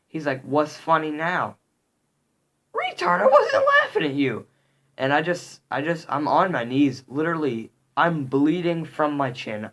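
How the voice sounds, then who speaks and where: Rambling, halting male vlogger. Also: mid-range voice, fairly bright tone. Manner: rambling, halting, heavy on "um" and "literally"; upset, indignant retelling. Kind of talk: casual storytelling to camera.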